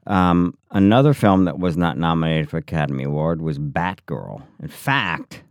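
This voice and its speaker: A man co-hosting a casual podcast, with a very low voice and a tight, dry studio sound. He is opinionated and sarcastic and teases his co-host freely. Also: normal speed, no room sound. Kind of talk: casual banter.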